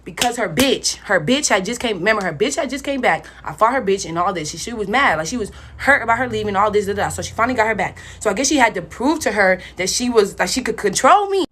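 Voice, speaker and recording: A woman's voice: mid-range voice, expressive, fast, few pauses, a bit bright, slight background noise. A young woman telling a personal story in a casual storytime vlog, blunt and profane, talking straight to her viewers.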